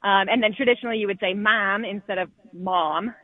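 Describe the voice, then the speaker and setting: A woman's voice: mid-range voice, fairly even intonation, fairly quick, no room sound. A woman linguistics professor from Michigan, a guest on a radio interview by phone, explaining and demonstrating vowel sounds. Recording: tinny phone line.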